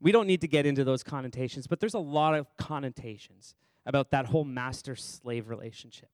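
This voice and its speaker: A man's voice: mid-range voice, fairly quick, few pauses, no room sound. A man preaching a sermon as pastor in a church service, chatty and conversational, quizzing the congregation by name and repeating phrases for emphasis.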